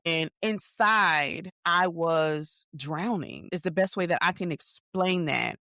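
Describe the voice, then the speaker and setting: A woman's voice: lowish voice, dry recording, studio quality. A woman in a podcast, a therapist and host, telling her own story in a candid, confiding way and acting out her inner voice. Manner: candid, confiding, animated retelling with inner-voice quotes. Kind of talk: personal storytelling monologue.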